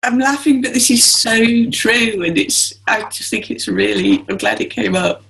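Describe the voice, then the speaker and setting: A woman's voice: on the high side, wildly swooping pitch, moderate pace, a bit bright. A woman hosting an interview, talking reflectively, laughing easily and often restarting her sentences. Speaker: host. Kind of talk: conversational interview.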